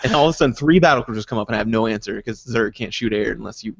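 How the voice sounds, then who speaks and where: A man's voice: on the low side, racing, gravelly, highs cut off, a little hiss or hum. A man co-hosting a podcast, chatting casually in a rambling way, laughing often and swearing freely. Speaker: podcast co-host. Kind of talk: casual chat.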